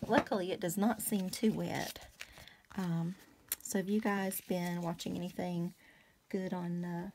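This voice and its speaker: A woman chatting casually to her viewers while she crafts, rambling with many fillers and soft asides. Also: fairly low pitch, flat delivery, measured pace, slight background noise. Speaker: craft vlogger.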